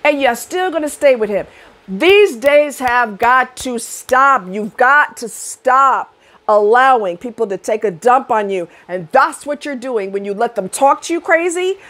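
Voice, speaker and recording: A woman's voice: a little high, lively intonation, measured pace, a bit bright. A woman giving blunt relationship advice to the camera, sassy and profane, mimicking other people's voices as she talks.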